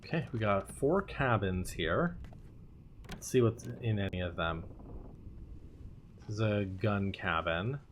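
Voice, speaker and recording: A man's voice: lowish voice, slow, pauses often, a little hiss or hum. A man streaming a video game, thinking aloud and musing in casual commentary.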